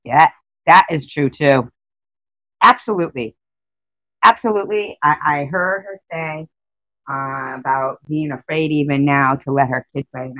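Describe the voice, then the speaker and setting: A woman's voice: a bass voice, steady tone, unhurried, no echo, muffled recording. A woman chatting casually on a live stream, rambling and emotional as she greets her viewers by name.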